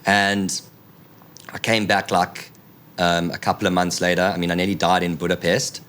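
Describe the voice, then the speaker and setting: A man in his thirties, a podcast guest telling a long, animated story, rambling with lots of "like" and acted-out quotes. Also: deep voice, moderate pace, a little hiss or hum. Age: 30s.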